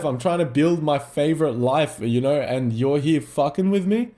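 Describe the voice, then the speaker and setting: Young Aussie guy, higher-pitched, swearing, fired-up mindset vlog monologue. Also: very animated, normal speed, hardly any pauses, dark tone. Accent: Australian. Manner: intense, profane, ranting. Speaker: mindset vlogger. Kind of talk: motivational monologue.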